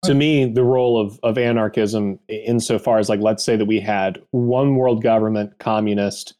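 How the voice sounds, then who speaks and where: A man with a slightly low voice who argues his point bluntly as a podcast guest. He talks plainly and throws in a curse here and there. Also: fairly even intonation, normal speed, warm tone. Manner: blunt, argumentative, swears. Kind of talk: casual podcast discussion.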